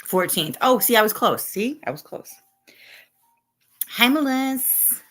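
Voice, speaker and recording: A woman's voice: a little high, expressive, a little slow, fairly bright tone, soft background music. A middle-aged woman hosting a casual live stream, chatting and greeting viewers by name and laughing often. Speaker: livestream host.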